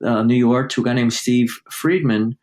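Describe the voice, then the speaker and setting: An older male journalist, a guest in an interview, telling stories with lively acted-out dialogue and plenty of fillers. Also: mid-range voice, normal speed. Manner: lively anecdote-telling, acting out quoted dialogue, many fillers. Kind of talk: storytelling in a podcast interview.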